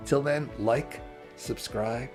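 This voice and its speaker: A man giving an animated, emphatic channeled spiritual talk, now and then dropping to hushed asides. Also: mid-range voice.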